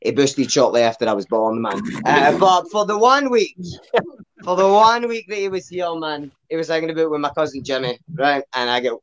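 A young man from Glasgow, Scotland, performs a rambling, sweary stand-up set at an online open mic, ending lines with "man." His voice is mid-range and the sound is lo-fi.

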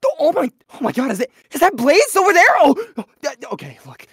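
A woman's voice: a little fast, no room sound, studio quality. A woman voicing an upbeat adult male gunslinger who is goofy and earnest, reading fan requests in character on a stream. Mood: flustered, excited. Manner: bursts of high excited pitch.

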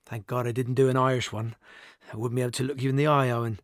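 A man's voice: mid-range voice, flat delivery, fast, no echo, clean studio sound, natural voice. A man voicing a friendly, breezy young actor in an audiobook. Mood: upbeat. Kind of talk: audiobook character voice.

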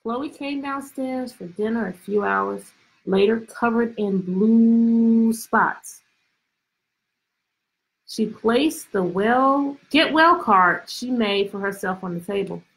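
Slow, husky woman reading a story. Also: on the high side, poor audio. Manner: lively, expressive, stretches words, asks questions. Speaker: teacher reading aloud to students. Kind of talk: storybook read-aloud lesson.

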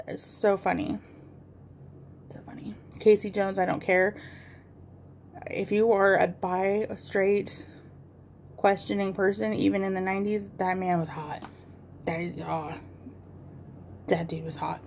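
Rambling, gravelly-voiced woman vlogger. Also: medium pitch, darkish tone, a little hiss or hum. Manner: rambling, chatty, swears casually. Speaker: beauty vlogger. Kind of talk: casual rambling chat while doing makeup.

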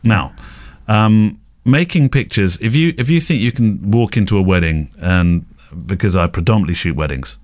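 Very deep-voiced man, hesitant and chatty. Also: lively intonation, moderate pace, hardly any pauses, darkish tone. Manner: hesitant, many fillers and restarts, reflective. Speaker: podcast co-host, wedding photographer. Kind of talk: casual podcast chat.

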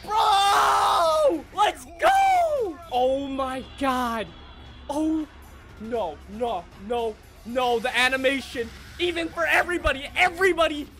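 A young man reacting live to an anime episode, excitable and swearing often, the show's music playing behind him. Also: very high-pitched, unhurried.

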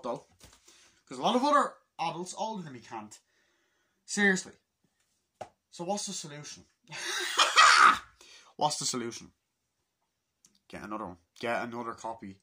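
A man's voice: medium pitch, fairly bright tone. A man of twenty-two in a casual vlog, exasperated and swearing as he mutters to himself. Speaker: film collector vlogger.

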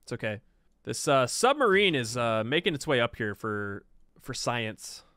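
A man giving casual, excitable commentary while playing a video game, exclaiming and laughing at what happens. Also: medium pitch, measured pace, clean tone.

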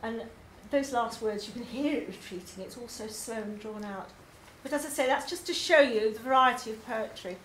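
A woman's voice: a little high, normal speed, few pauses, fairly bright tone. An English woman presenting her poetry course to a group, enthusiastic and chatty with frequent ums. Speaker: poetry tutor. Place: labour club hall. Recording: echoey hall, faint noise.

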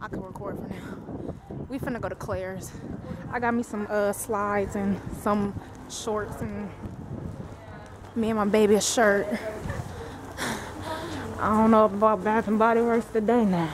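A young woman vlogging from her phone, chatting excitedly with her viewers as she walks through a busy shopping center and a crowded restaurant. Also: medium pitch, unhurried, pauses often. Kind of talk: casual handheld vlog. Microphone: phone camera held in hand. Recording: loud crowd and noise on a phone mic. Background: crowd chatter and street noise.

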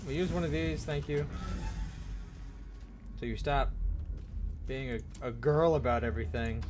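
A young man commentating on his gameplay, excitable, swearing and yelling at the game. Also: mid-range voice, a little slow, pauses often, soft background music. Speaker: gaming video host.

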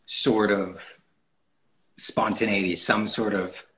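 A man's voice: on the low side, level tone, slow, crowd noise, poor audio. A man talking as a guest in a casual interview, rambling with many fillers and restarts. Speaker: photographer guest. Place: podcast recording.

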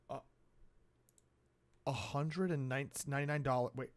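Guy reacting to vids, high bright voice, rambly and excitable. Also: normal speed. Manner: excitable and rambling, with frequent outbursts. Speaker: reaction video host. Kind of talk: casual reaction commentary.

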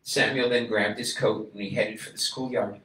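A man, a rabbi, telling a story in a sermon, acting out the voices of its people and building to loud, emphatic calls. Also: fairly low pitch, steady tone, normal speed. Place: synagogue. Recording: echoey room, voice a bit distant from mic.

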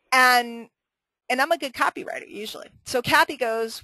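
A woman's voice: high-pitched, fast talker, bright, forceful tone, no echo, rough recording. A woman hosting a live marketing webinar, chatty and joking, laughing often as she teaches. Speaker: webinar host and marketing trainer.

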